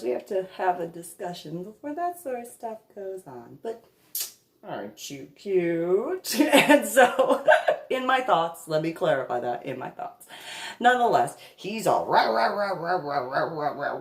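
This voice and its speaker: Giggly sarcastic woman in echoey room. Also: mid-range voice. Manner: sarcastic, giggly, mock-patient. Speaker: comedic storyteller. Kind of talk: comedic anecdote monologue.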